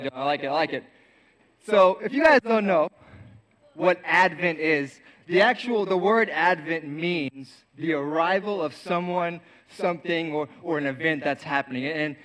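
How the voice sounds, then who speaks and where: A young man giving a youth sermon. He jokes with the crowd and tells a story, acting out the voices in it. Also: high voice. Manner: lively, joking with the crowd, acts out voices in his story. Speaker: youth pastor. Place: church youth service before an audience.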